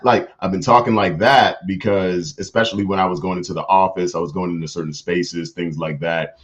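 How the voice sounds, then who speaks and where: A young man streaming a casual late-night chat, laid-back and slangy, who laughs often and reads out viewer comments in his natural deep voice. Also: steady tone, brisk, few pauses. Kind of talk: casual chat with live chat readers.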